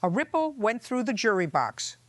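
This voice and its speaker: Measured woman narrating as a judge. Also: a little high, very animated, fairly bright tone, no room sound. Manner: measured, reflective. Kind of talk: scripted narration.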